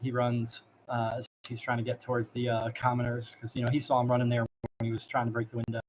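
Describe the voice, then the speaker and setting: A man's voice: mid-range voice, monotone, fast, a little hiss or hum. A man narrating a tabletop game as dungeon master, rambling with laughing asides.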